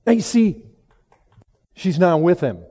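A man preaching a sermon, moving from hushed, low passages to raised, emphatic lines. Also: big pitch swings, takes it slowly. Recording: long hall reverb.

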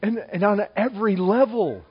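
A male preacher with a high-set voice delivers a sermon. His delivery is animated and jumps from loud exclamation to soft aside. The recording is slightly muffled and lo-fi. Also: moderate pace, husky.

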